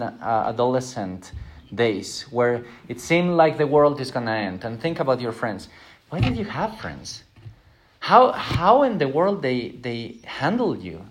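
Earnest man teaching a Bible lesson. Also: mid-range voice. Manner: earnest, self-deprecating, acts out quoted voices.

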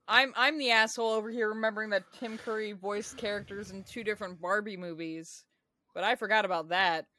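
A woman's voice: medium pitch, steady tone, a little fast, bright, forceful tone. A woman in a casual group chat, blunt and opinionated.

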